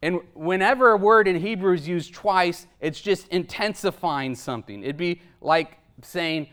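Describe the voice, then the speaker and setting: A man's voice: high voice, measured pace, hardly any pauses, fairly bright tone. A man preaching a sermon in an emphatic, rhetorical style, often tagging his points with "right?" and chuckling between them.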